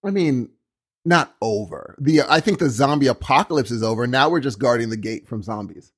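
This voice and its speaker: A man co-hosting a casual podcast chat, playful and quick to laugh, joking in mock accents. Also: medium pitch, lively intonation, breathy edge. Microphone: podcast microphone.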